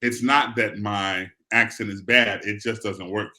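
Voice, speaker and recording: A man with a South Bronx New York accent, hosting a casual interview and telling stories in an animated way. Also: on the low side, unhurried. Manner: animated, storytelling.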